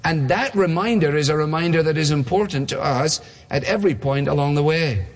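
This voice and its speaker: A man's voice: a little high, fairly quick, long reverb tail. A man preaching a sermon in a conversational way, asking rhetorical questions.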